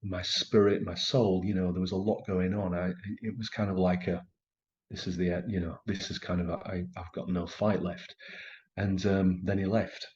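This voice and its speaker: A middle-aged man telling a personal story in a conversation, halting and emotional, with many restarts. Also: low voice, flat delivery, darkish tone, dull audio, a little hiss or hum. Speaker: actor telling his story as a guest.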